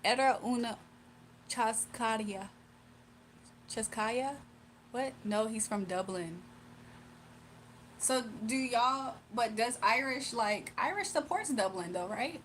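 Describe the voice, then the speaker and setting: A woman's voice: on the high side, animated, slow, a bit bright, slight background noise. A young woman chatting casually on a livestream, reading chat aloud, laughing often and teasing her viewers. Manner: playful, teasing.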